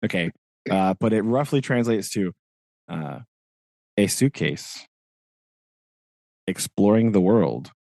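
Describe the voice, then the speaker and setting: A man's voice: on the low side, animated, takes it slowly, gravelly, pauses often, darkish tone, dry recording, clean studio sound. A man co-hosting a podcast in casual chat, rambling and correcting himself, with frequent chuckles. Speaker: podcast co-host.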